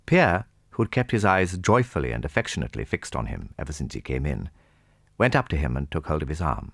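A male narrator reading a classic novel in a measured, expressive way. His voice is very deep and gravelly, with a lively melody, and is recorded close and dry with no room sound. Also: dry recording. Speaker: audiobook narrator.

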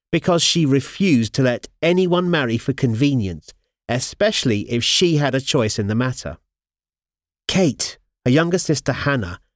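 Expressive storytelling comes from a man reading an audiobook in a medium-pitched voice. The studio sound is clean and free of echo.

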